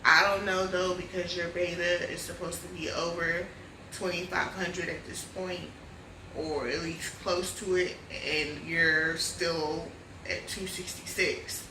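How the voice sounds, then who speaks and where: A woman's voice: lowish voice, unhurried, far from the mic, background noise. Chatty woman telling a story in an echoey room. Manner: animated, addresses viewers as y'all. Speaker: vlogger. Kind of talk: casual storytime chat.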